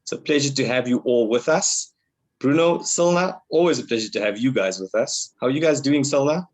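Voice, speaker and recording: A man hosting an online webinar in a relaxed, joking way, with plenty of ums and easy laughter. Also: mid-range voice, brisk. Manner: jokey, laughs easily, filler-heavy. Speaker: webinar host. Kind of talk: casual hosting chat. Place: online video call.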